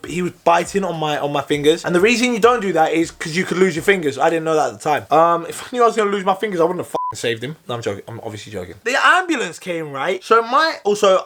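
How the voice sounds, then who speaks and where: A young man telling a story in a casual vlog, animated, swearing a lot and often restarting his sentences. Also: fairly high pitch. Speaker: vlogger.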